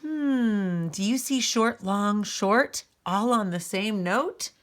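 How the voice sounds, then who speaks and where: A woman's voice: medium pitch, expressive, takes it slowly. A woman music teacher giving a recorded lesson, patiently explaining step by step and speaking straight to her students.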